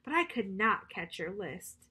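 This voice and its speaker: A kind and patient frog, gently helping his friend, as a woman reads him aloud. He sounds calm and friendly. It feels like a bedtime storybook. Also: medium pitch, a little slow, breathy edge, exaggerated voice. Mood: apologetic.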